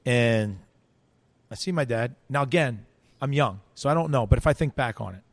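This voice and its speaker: Man, interview guest, animated storytelling, mid pitch, dry close sound. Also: normal speed, no room sound. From United States. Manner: animated storyteller, acts out quoted voices, frequent restarts.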